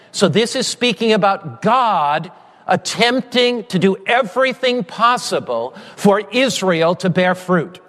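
A man preaching a sermon with impassioned appeals, often rising to shouting. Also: high-pitched, big-room sound.

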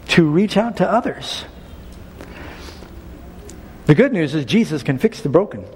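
Preacher, man, slightly high voice, storytelling sermon, long hall echo, faint room noise. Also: measured pace, pauses often. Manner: storytelling, animated, rising to emphatic preaching.

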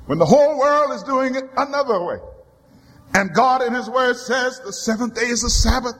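A man preaching a sermon from the pulpit, building rhythmic repeated refrains that swell into shouts. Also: very high voice, moderate pace, breathy edge. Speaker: pastor. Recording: long hall reverb.

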